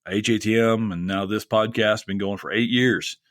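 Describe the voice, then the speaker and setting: A man's voice: fairly low pitch, fairly even intonation, normal speed, a bit bright, no echo. A man hosting a podcast in a casual, rambling and heartfelt monologue, close to tears. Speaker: podcast host.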